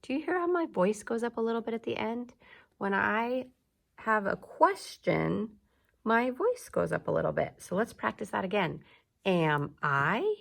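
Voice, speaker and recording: A woman teacher leading an early reading lesson for young children, speaking slowly and clearly and drawing out her words. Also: fairly high pitch, sing-song. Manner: slow, clear teacher talk with drawn-out words.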